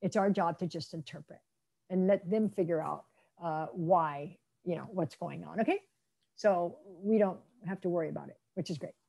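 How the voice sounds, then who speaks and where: A middle-aged woman lectures on interpreting with a mellow, warm tone. She slips into lively role-play, voicing doctors and patients as she explains. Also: on the low side, normal speed, gravelly. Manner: lively, acts out quoted speakers in role-play. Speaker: interpreter trainer. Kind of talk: lecture presentation.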